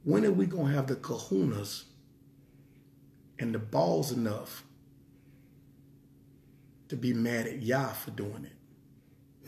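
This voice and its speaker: A man's voice: mid-range voice, slow, vocal fry, long pauses, mellow. A man preaching a sermon in an emphatic style, repeating rhetorical questions. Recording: roomy echo.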